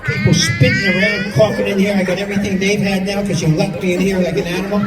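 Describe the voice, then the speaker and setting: A man from New York doing a stand-up comedy set on stage, exasperated and acting out people in quick bits. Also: high voice, expressive. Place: stage in a large hall with a live audience. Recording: distant, echoey hall with crowd laughter.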